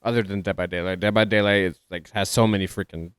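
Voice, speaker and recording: A man's voice: sits low, steady tone, quick pace, clean tone, dry recording, clean studio sound. A man from Texas with a Texas accent, co-hosting a casual podcast and talking animatedly, often tripping over his words. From Dallas, Texas. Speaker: podcast co-host. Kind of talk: casual chat.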